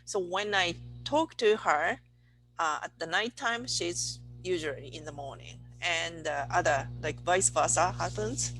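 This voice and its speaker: A middle-aged woman with a Japanese accent leads a beginner language lesson at a deliberately slow pace. Her voice is bright and forward, and she keeps checking in with her students, repeating each phrase patiently. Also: on the low side, poor audio. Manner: patient, repeats words slowly, asks "okay?" often. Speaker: Japanese teacher.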